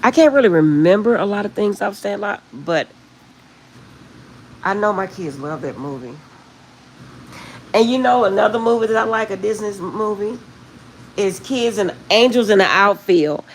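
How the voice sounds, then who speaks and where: Gravelly-voiced woman chatting to her stream. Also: mid-range voice, slight background noise, rough recording. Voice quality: rambling, chatty, laughs often. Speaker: livestream host. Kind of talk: casual chat with live viewers. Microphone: phone.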